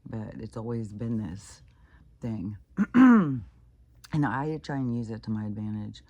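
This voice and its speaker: A woman's voice: very deep voice, sing-song, a little slow, a little mellow, no echo. A woman vlogger talking in a casual, rambling monologue, full of fillers and the odd swear word. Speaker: spiritual vlogger.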